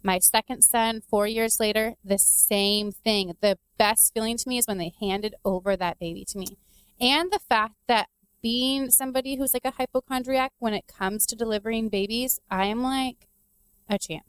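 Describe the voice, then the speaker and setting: A woman in her thirties telling a personal story in candid, animated casual chat. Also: a little high, moderate pace, smooth, dry recording. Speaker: guest sharing her story.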